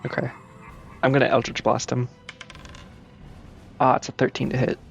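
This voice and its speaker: A man playing a tabletop game, chatting casually and thinking aloud with hesitant pauses. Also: mid-range voice, completely flat delivery, vocal fry, highs cut off, music in the background. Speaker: player.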